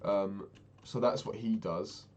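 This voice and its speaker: A man's voice: lowish voice, steady tone, slow, a little hiss or hum. A young man casually recounting a frustrating meeting, exasperated and swearing freely as he talks. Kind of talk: casual storytelling rant.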